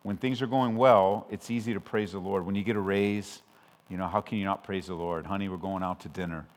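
A man from Southern California preaching a sermon as pastor, conversational with frequent restarts, swelling loud when he quotes scripture. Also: lowish voice, steady tone, fairly quick. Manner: conversational and self-interrupting, with restarts. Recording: long hall reverb.

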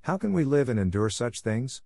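A man's voice: medium pitch, big pitch swings, moderate pace, vocal fry, a little mellow, no echo. A man reading the part of an earnest young playwright who asks passionate, searching questions. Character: earnest young male playwright, idealistic and easily stirred. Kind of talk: audiobook character reading.

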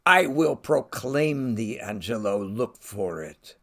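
A man's voice: medium pitch, expressive, slow pace, gravelly, heavily acted. A man reading aloud the lines of a defiant young woman, raising his voice against a corrupt official. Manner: shouting defiance.

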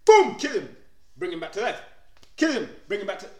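A man's voice: high-pitched, fairly quick. A man, a podcast co-host animatedly retelling an anime scene in casual chat. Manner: animated storytelling, acts out scenes. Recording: echoey room, a bit off-mic.

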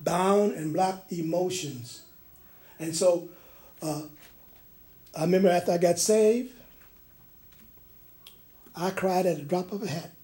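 Man preacher with a high voice, loud and then quiet, telling stories from the pulpit. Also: slow pace, long pauses. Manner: swings between loud preaching and quiet storytelling; many restarts and fillers when telling stories. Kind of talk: sermon. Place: church.

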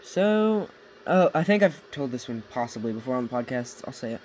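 Late at night in a home basement, a young American man co-hosts a casual podcast, rambling, tired and goofy, laughing at his own jokes. His medium-pitched voice is very animated, brisk and a little mellow, on a low-quality recording with a bit of hiss or hum.

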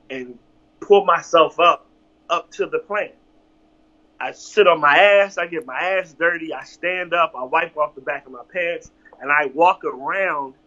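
A man's voice: fairly high pitch, lo-fi sound. A man from Virginia, a guest telling a story casually and with animation, swearing freely. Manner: animated, profane, acts out others' lines.

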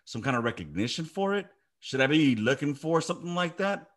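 A middle-aged army veteran and podcast host spins profane, emphatic stories in a casual chat. His voice is a little high and fairly bright, brisk, with big swings in pitch.

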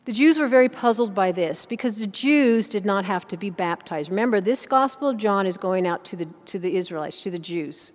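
A woman's voice: mid-range voice, animated, brisk, few pauses. A woman preaching a sermon in an emphatic, conversational way, full of rhetorical questions, with a dull sound in a large echoing hall.

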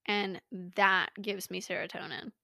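A woman's voice: medium pitch, steady tone, unhurried, gravelly, bright, forceful tone, dry recording. A young woman hosting a podcast, rambling in a casual, self-mocking way, recorded close in a small home studio. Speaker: podcast host. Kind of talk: casual chat.

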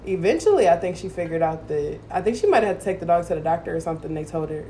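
A woman in casual group chat, telling stories in an animated, profane way. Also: lowish voice, very fast, slight background noise. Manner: animated storyteller, swears freely.

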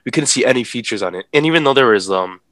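A man telling a story in a relaxed, animated way, acting out the people in it and laughing as he talks. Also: mid-range voice, rapid-fire, no echo. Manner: animated, acts out the voices of people in his story; laughs while talking. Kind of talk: casual storytelling.

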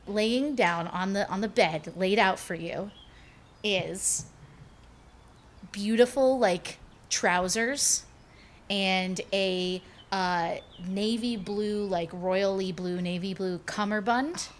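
A woman's voice: medium pitch, takes it slowly, a little hiss or hum. A woman acting as game master, describing scenes in a casual way with plenty of fillers.

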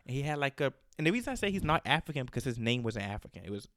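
A man hosting a casual chat, telling animated stories and acting out callers' lines. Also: mid-range voice, racing, no echo, clean studio sound. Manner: animated storyteller, acts out callers' quotes. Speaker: podcast host.

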